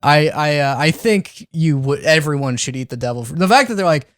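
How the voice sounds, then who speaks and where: A man co-hosting a podcast, talking casually and musing out loud with lots of fillers. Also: fairly high pitch, fairly quick, no echo. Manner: dry, musing, full of "like" fillers. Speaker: podcast co-host. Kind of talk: casual chat.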